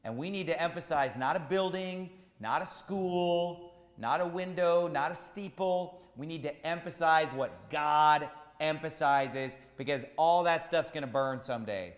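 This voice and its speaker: A man preaching a sermon as pastor, emphatic and repetitive, rising to shouts at times. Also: fairly high pitch, a little slow, roomy sound, long reverb tail.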